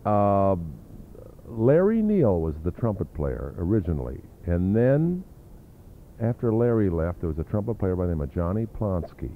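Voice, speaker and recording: An older man with a very low voice tells long, rambling stories from his past, stopping often to hunt for names. The sound is thin and tinny like an old phone-line tape with a faint hiss under it. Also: big pitch swings, normal speed. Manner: rambling anecdotal storytelling with fillers. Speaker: interview guest, drummer. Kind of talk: reminiscing interview.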